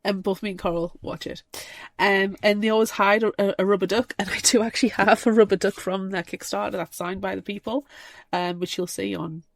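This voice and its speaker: Brief: teasing woman podcast co-host, mid-pitched, dry close sound. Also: fairly even intonation, fairly quick, gravelly, no room sound. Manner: giggly, teasing. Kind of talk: casual chat.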